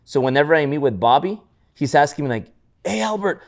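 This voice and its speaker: Speaking quickly in a voice on the high side, this podcast co-host shares motivational stories in a relaxed chat. He keeps restarting words and plays out other people's dialogue with animation.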